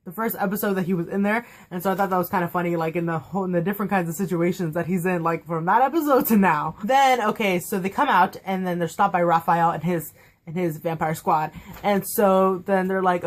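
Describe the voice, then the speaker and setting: A young woman chatting through a casual fan review of a TV episode, gushing and filling her talk with "like". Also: fairly low pitch. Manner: gushing, chatty, heavy use of "like" fillers. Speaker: TV show reviewer.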